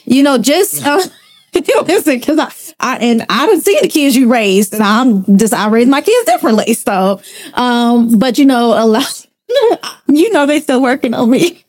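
A woman's voice: on the high side, lively intonation, a little slow, a little mellow, no room sound, studio quality. A woman speaking earnestly in a casual group discussion. She laughs easily as she talks. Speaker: podcast co-host.

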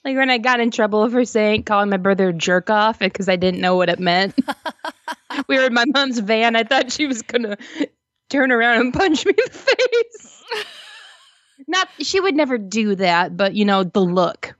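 A woman's voice: on the high side, animated, normal speed, a bit bright, no echo. A woman in laid-back, laughing casual chat, recorded with a dull lo-fi sound.

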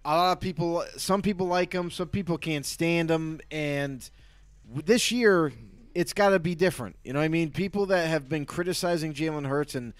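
A man's voice: on the high side, normal speed, clear, resonant tone, no room sound. A man co-hosting a sports talk show, speaking loosely and conversationally, often repeating himself. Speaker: sports podcast co-host.

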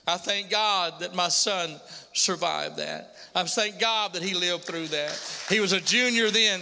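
Middle-aged man, bright tense tone, earnest testimony, repetitive storytelling. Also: high voice. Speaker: father giving a testimony to a pastor. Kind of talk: emotional personal testimony. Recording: long hall reverb.

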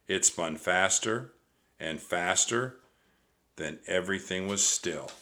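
Slow, bright-toned male storyteller. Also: deep voice. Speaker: narrator. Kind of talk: children's audiobook narration.

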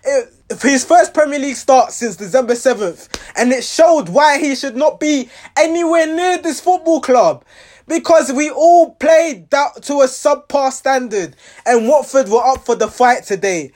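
A man's voice: extremely high pitch, measured pace, darkish tone. A man giving a rambling, exasperated reaction to his team's match, restarting his sentences often. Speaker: football fan reviewing a match.

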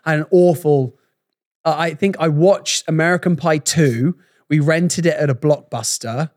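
A man co-hosting a casual podcast, teasing his co-host and quick to laugh. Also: fairly high pitch, darkish tone, no room sound, clean studio sound.

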